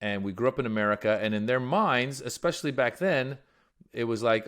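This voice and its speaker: A man from Iran, a guest comedian, telling stories in a casual, animated way. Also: mid-range voice, brisk. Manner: animated storyteller. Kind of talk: casual storytelling.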